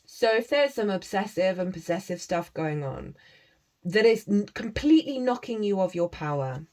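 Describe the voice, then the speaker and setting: A woman's voice: mid-range voice, expressive, moderate pace, a little mellow. A woman giving a casual tarot reading to camera. She is chatty and encouraging, laughs often, and breaks into chanted made-up syllables. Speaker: tarot reader.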